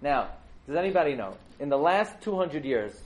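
A man giving a storytelling sermon to a live audience, animated and jokey, often putting questions to the listeners. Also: fairly high pitch, moderate pace, poor audio.

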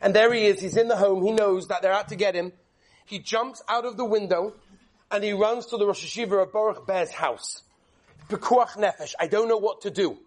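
A man, a rabbi, delivering a sermon and telling stories in an animated, emphatic way. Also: high voice, a little fast. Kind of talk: sermon with storytelling.

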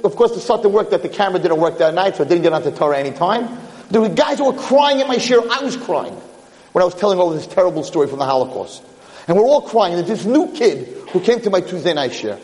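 A man, a rabbi, giving an animated and emotional sermon full of personal stories, often repeating himself when excited. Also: on the high side. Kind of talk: sermon with storytelling. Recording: long hall reverb.

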